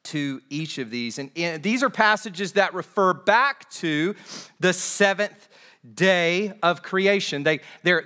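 Male pastor in a church service; earnest, measured preaching with restarts. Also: a little high, bright, forceful tone. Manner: measured, earnest delivery with frequent repeated words. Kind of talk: sermon with opening prayer. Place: church during a morning service.

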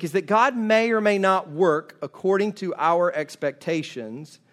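A man with a high voice preaching an expository sermon. He is earnest and emphatic, slowing and sinking low on key words, then lifting with animation when he raises questions. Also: a bit bright. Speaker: pastor.

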